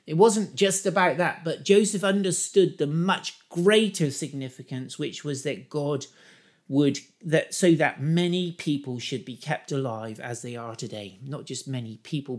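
A preacher giving a sermon and reading scripture, chatty with humorous asides and building to excited emphasis. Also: male voice, medium pitch. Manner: enthusiastic, rising to excited emphasis.

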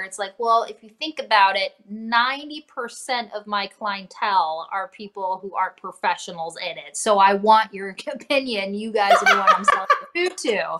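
A woman chef from Cincinnati as an interview guest, talking in a relaxed, chatty way with lots of fillers. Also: mid-range voice, moderate pace, few pauses. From Cincinnati, Ohio. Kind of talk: casual interview chat.

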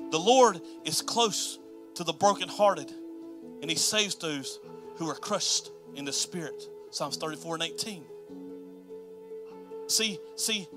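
Preaching with a voice on the high side, this male pastor alternates quiet, soft stretches with loud, forceful lines full of rhythmic repetition.

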